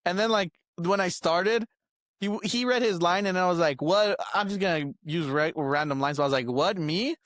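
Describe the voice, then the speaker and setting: Young man, podcast co-host, high voice, rambling storyteller, laughs a lot. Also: normal speed, a bit bright, dry recording. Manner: rambling, laughs often, acts out quoted lines. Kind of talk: casual storytelling chat.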